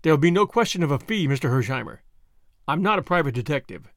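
A man voicing a shrewd, measured older lawyer in an audiobook, with a dry, authoritative delivery. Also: on the high side, expressive, dry recording. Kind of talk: audiobook character voice.

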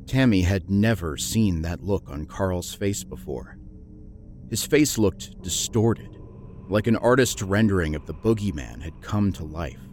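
A man narrating a horror story in a measured, grim storytelling manner. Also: low voice, animated, darkish tone, a little hiss or hum.

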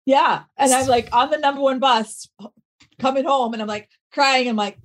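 Her voice sits high and moves at a normal speed. She's a trainer in her thirties from the US East Coast, guesting on a podcast and recounting a personal story with animation, performing quotes along the way in casual interview style.

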